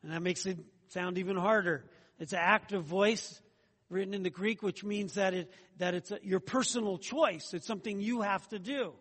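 Pastor, male, high-pitched, earnest conversational sermon delivery, long reverb hall. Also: normal speed, a bit bright, husky. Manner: earnest, repeats phrases, conversational asides.

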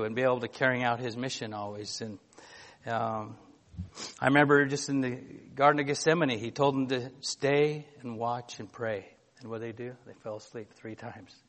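A man preaching a sermon in a conversational, halting way, often restarting and filling gaps, reading scripture aloud. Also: mid-range voice, a bit bright.

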